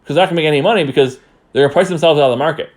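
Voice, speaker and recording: A man's voice: a little high, racing. A man hosting a political commentary podcast, talking in a rambling, heated way and repeating himself. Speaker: podcast host.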